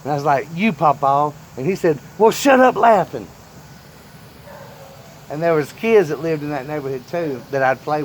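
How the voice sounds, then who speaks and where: A man's voice: mid-range voice, slight background noise, poor audio. A man in a casual storytime vlog, rambling through family memories and chuckling often. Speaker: vlogger telling family stories.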